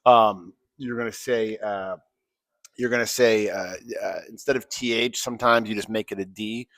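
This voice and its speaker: A man's voice: fairly low pitch, steady tone, moderate pace, fairly bright tone, no room sound, studio quality. A man with a mild Chicago accent, chatting casually as a guest in an interview and breaking into playful accent impressions. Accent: American, Chicago (mild). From Chicago, USA.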